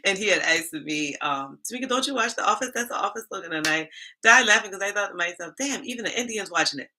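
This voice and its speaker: An HR coach hosting a livestream, this middle-aged woman from Charleston speaks fast at a medium pitch, with a little hiss or hum on the audio. Her Southern accent carries Black vernacular and Charleston Geechee. Animated and sassy, she chats casually and talks back to viewers' comments.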